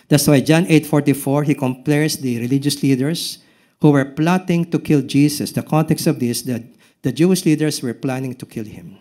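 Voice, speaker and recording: A male pastor with a Filipino accent preaching a sermon, often quizzing the congregation with short questions and dropping from loud emphasis to hushed lines. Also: medium pitch, moderate pace. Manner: swings between loud emphasis and hushed drops.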